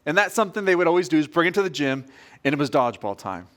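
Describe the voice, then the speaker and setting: Man, pastor, high-pitched, lively sermon storytelling. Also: racing. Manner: storytelling, animated, addresses congregation directly.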